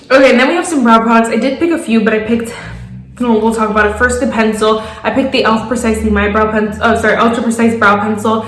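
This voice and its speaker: A woman's voice: a little high, fairly even intonation, fairly quick. Gushing young woman in an echoey room. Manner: gushing, enthusiastic, repetitive praise with frequent laughs. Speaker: beauty vlogger. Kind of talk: casual product review.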